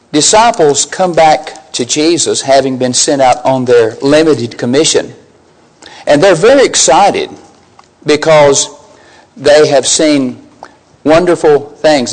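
A man's voice: on the high side, darkish tone, low-quality recording. A man preaching a sermon, emphatic, putting questions to his listeners and rising on key scripture lines.

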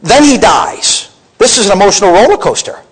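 Animated, emphatic preacher man. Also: high voice, a little fast, husky, low-quality recording. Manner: animated, emphatic, rhetorical questions to listeners. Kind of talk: expository Bible teaching.

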